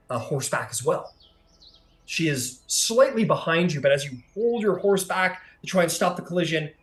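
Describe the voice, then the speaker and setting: A man narrates a tabletop role-playing scene as game master, at a middle pitch. He paints the action vividly, stopping often on "um" to gather the next beat. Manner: vivid scene-setting with frequent "um" pauses.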